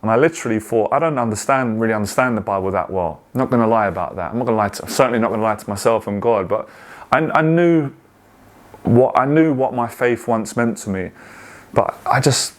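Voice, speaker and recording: A man, giving an earnest personal testimony in a halting way, with many restarts and repeated words. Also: mid-range voice. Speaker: guest sharing a testimony.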